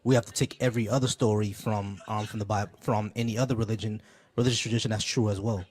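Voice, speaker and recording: A man's voice: fairly low pitch, steady tone, fast, darkish tone. A man hosting a live call-in debate stream, chatting casually with many fillers and restarts.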